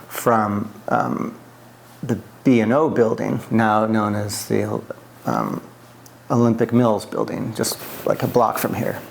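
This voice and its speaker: A man's voice: mid-range voice, vocal fry, a little hiss or hum. Man telling a rambling story. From US East Coast. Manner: rambling, many fillers and restarts. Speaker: interviewee. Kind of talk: oral history interview, casual storytelling.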